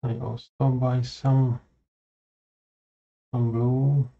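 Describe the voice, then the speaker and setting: A man hosting a board game session, introducing the game and then chatting through the moves in careful, unhurried phrases. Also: medium pitch, flat delivery. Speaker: board game channel host. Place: home, recording over a digital tabletop. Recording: dull lo-fi sound.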